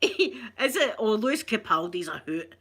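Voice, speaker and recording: A middle-aged woman with a broad Scottish accent chats through a casual live stream. Her voice is bright and forward. She reads out viewer comments, answers them with warm banter and laughs often. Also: medium pitch, big pitch swings, unhurried, slightly rough. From Scotland. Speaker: ASMR channel host.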